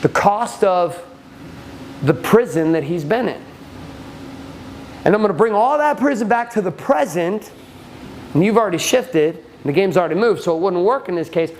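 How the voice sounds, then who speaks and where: Animated, swearing man coaching a group. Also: moderate pace, pauses often, a little hiss or hum, low-quality recording. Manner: swears often, shifts into acted quotes, lively pitch. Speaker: men's coach leading a group session. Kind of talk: profane, emphatic coaching talk.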